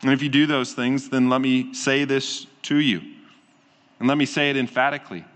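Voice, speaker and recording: A man preaching as a pastor, calm and earnest, often easing into soft, slow endings. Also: medium pitch. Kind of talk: sermon. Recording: long hall reverb.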